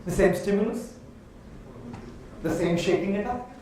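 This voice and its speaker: A man with an Indian accent giving an animated motivational talk to a live audience, asking them questions as he goes. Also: sits high, a little slow, slight background noise. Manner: animated, asks the audience questions, uses props. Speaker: motivational speaker. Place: large hall with a live audience. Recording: echoey hall from far off.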